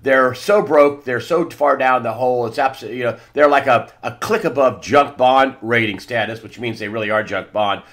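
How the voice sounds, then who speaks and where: A man hosting an interview, talking in a halting way with many restarts and confirming questions. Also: mid-range voice, fairly bright tone. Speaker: interview host.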